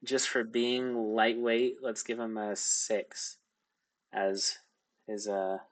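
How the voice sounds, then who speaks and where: A man's voice: fairly low pitch, steady tone, takes it slowly. A young man narrating as game master in casual, laugh-filled speech with many fillers.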